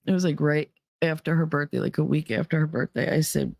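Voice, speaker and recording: A woman with a low-pitched voice tells her own story with blunt, profane emphasis. She sounds dry and close, with no room around her. Her delivery is heated and direct. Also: steady tone, brisk, creaky, hardly any pauses, darkish tone, no room sound. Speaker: podcast host. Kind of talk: personal storytelling.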